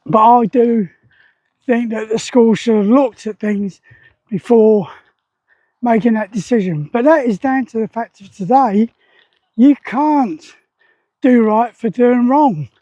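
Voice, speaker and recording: A man's voice: very high-pitched, slow, long pauses, dark tone, dry recording, muffled recording. A man, telling stories in a rambling, plain-spoken way as he vlogs outdoors beside a weir. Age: 60s. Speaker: army veteran vlogger. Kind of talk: casual spoken vlog.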